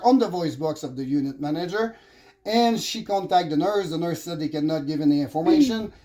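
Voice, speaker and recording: A middle-aged man with a French Canadian accent tells a personal story in a loose, rambling monologue. His voice sits a little higher than most men's. He starts over often and fills his pauses with "uh". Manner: rambling, animated, frequent fillers and restarts. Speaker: vlogger telling a personal story.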